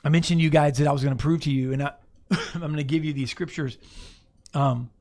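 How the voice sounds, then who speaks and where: A man's voice: on the high side, fairly even intonation, a little fast, darkish tone. A man preaching an off-the-cuff sermon, talking to listeners casually and asking them to look up verses. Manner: conversational, restarts, asks listeners to look up verses. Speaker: pastor.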